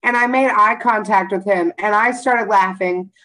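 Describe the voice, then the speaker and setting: A woman's voice: medium pitch, normal speed, sharp tone, rough recording. A young woman co-hosting a podcast, telling a rambling story in casual chat with lots of swearing and laughter. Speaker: podcast co-host.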